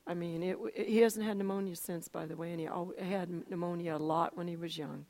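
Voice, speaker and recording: An older woman telling an emotional personal testimony, animated, with frequent restarts and a voice that climbs and drops. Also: on the low side, brisk, few pauses. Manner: animated storyteller, voice rises and falls, frequent restarts. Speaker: speaker giving a testimony.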